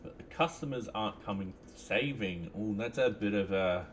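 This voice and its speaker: A man's voice: on the low side, moderate pace, a little hiss or hum. A man live-streaming his coding, chatting casually and thinking aloud with lots of fillers. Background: faint music and keyboard typing.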